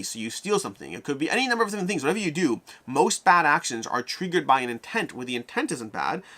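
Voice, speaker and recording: A medium-pitched man runs a live-stream Q&A, taking viewer questions with energy and voicing his thoughts as they come.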